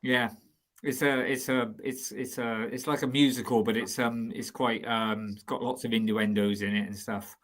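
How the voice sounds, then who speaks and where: Give me a talkative, slightly hesitant man of middling pitch. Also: fairly even intonation, moderate pace. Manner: chatty, rambling, hesitant. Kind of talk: casual chat.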